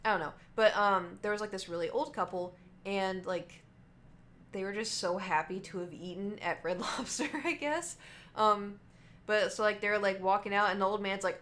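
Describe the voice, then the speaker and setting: A woman's voice: medium pitch, normal speed, fairly bright tone. A young woman streamer rambling through work stories in a chatty way, full of "like" and restarts. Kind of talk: casual storytelling.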